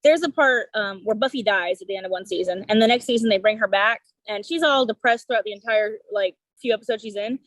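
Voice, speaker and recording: A woman's voice: mid-range voice, fast, few pauses, no room sound, low-quality recording. A woman talks casually on a movie podcast, retelling scenes with emphasis. Her voice is recorded dry and close. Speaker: podcast co-host. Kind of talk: casual chat.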